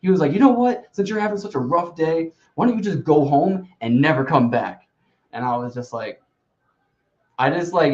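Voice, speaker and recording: Man, podcast host, casual storytelling, rambling, middle pitch, muffled lo-fi sound. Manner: rambling storyteller, heavy use of "like". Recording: slightly dull lo-fi recording.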